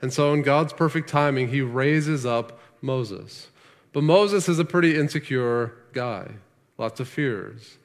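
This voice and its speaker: In a reverberant hall, a pastor preaches a sermon earnestly and emphatically, posing rhetorical questions. His voice is mid-range, and he speaks a little slowly.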